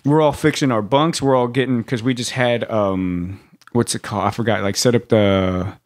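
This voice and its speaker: A man's voice: medium pitch, steady tone, normal speed. A man co-hosting a podcast, telling stories with laughter and profanity in a casual way. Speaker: podcast co-host. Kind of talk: casual storytelling chat.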